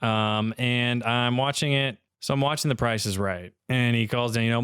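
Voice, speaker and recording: A man trades wry, casual banter as a podcast co-host with a mid-pitched voice. He laughs often and swears offhandedly. The sound is dry and close. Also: moderate pace, hardly any pauses, a bit bright, clear, resonant tone, no room sound.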